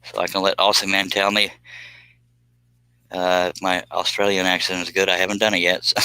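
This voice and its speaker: Man, deep voice, dry close sound, joking live-stream chat. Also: little pitch movement, normal speed, pauses often, bright, forceful tone, clean tone, no room sound, low-quality recording. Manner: joking, chatty, reads out viewer comments. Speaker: livestream host doing scroll saw work.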